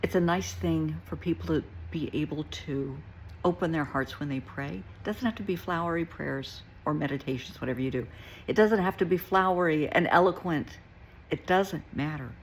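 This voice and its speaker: Gravelly older woman, folksy advice. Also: low voice, normal speed, slight background noise, rough recording. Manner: folksy, calls listener honey; plain-spoken, reassuring. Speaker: therapist. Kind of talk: casual spiritual advice talk.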